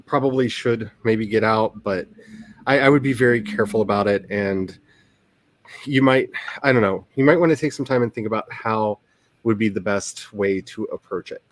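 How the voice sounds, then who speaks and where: A man's voice: on the low side, moderate pace. A man hosting a writing livestream, chatting casually in a rambling, joking, self-deprecating way. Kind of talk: casual chat.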